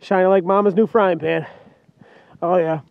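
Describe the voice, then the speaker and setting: A man's voice: high-pitched, steady tone, normal speed, creaky, no room sound, narrow, tinny audio. A man selling trucks with a joking, hyped sales patter, recorded outdoors in the cold on a handheld camera mic. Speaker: truck dealer.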